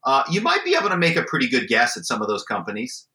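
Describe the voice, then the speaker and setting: A middle-aged man, a former corporate spy, telling lively anecdotes as an interview guest, with frequent restarts. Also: medium pitch, quick pace, roomy sound, poor audio. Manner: animated anecdotes with frequent restarts and imitated voices. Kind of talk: conversational storytelling interview.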